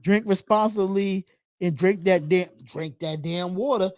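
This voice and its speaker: Casting: male host with a high voice, loose and repetitive, close and dry. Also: unhurried, darkish tone, no room sound. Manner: chatty, repeats phrases, reads comments aloud. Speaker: podcast host. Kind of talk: casual live-stream chat.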